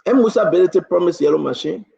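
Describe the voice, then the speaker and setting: A man's voice: high voice, fast, vocal fry, warm tone, dull audio. A man from Liberia with a Liberian accent, hosting a casual political talk show, teasing and pushing his guest with many restarts.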